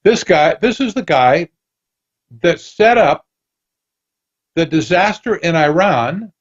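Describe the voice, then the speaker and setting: A man's voice: fairly high pitch, takes it slowly, highs cut off. A man talking as a guest on a radio interview, telling stories with animation and acting out bits of dialogue. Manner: animated storytelling, acts out dialogue. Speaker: guest author.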